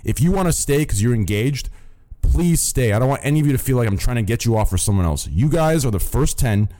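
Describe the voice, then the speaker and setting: A man's voice: medium pitch, animated, fast, dark tone. A young man hosting a stream voice chat, ranting bluntly with constant swearing and repeated "listen" and "okay?". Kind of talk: casual profane stream rant.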